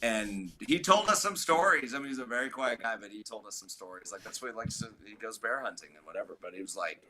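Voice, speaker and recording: Brief: man with a lowish voice, guest musician, chatty rambling storyteller in a relaxed interview. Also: quick pace, a crowd in the background. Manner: rambling, full of "like" and restarts.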